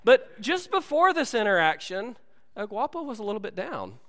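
A preacher with a high, bright voice that swings up and down a great deal as he talks. He tells his stories with lively, animated energy. His voice rings out with a long echo through a large church hall. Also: normal speed. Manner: animated storytelling, acts out movie dialogue. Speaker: pastor. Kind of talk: sermon. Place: church sanctuary.

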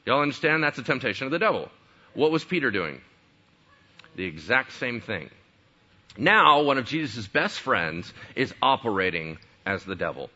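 A man's voice: mid-range voice, very animated, moderate pace, sharp tone, lo-fi sound. A man preaching a sermon in a conversational way, full of rhetorical questions. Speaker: pastor.

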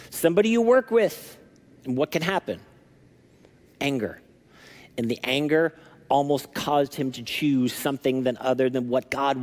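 A man preaching a sermon as lead pastor, telling a story in a lively, animated way. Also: mid-range voice. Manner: animated storytelling, acting out scripture.

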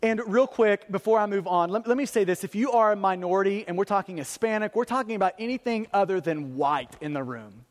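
A man in his thirties delivers a sermon in a high, earnest voice, pressing his points with rhetorical questions and repetition. His words ring out with a long reverb from a large church hall. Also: a little fast, few pauses. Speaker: pastor. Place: church sanctuary.

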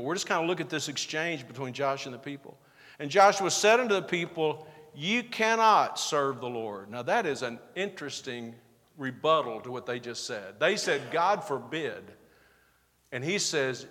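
A man's voice: a little high, fairly bright tone, big-room sound. A man preaching a sermon as pastor, building to emphatic bursts and acting out the back-and-forth quotes of the passage.

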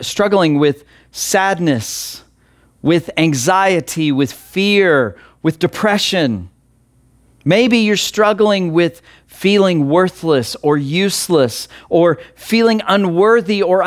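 Earnest, slow-speaking male pastor. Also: high voice. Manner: earnest, emphatic, repeats key words with long pauses; asks listeners direct questions. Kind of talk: online sermon.

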